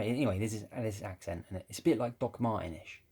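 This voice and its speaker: Brief: dark-toned, gravelly man, candid and unpolished, chatting off the cuff. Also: sits low, fast, few pauses. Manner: rambling, with many restarts and swearing. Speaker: ex-Jehovah's Witness vlogger. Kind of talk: casual rambling monologue.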